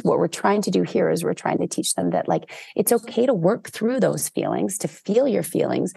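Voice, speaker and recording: Canadian woman, podcast guest, low raspy gravelly voice, dry close sound, lively storyteller. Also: no room sound. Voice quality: gravelly, husky. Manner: animated, expressive, with big pitch swings and laughs. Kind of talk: casual storytelling.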